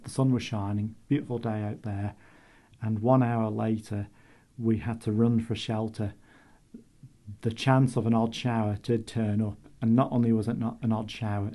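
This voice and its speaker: A man's voice: fairly low pitch, mellow. A man in his sixties with a Manx accent, a retiring meteorologist telling humorous stories in a chatty radio interview. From Isle of Man.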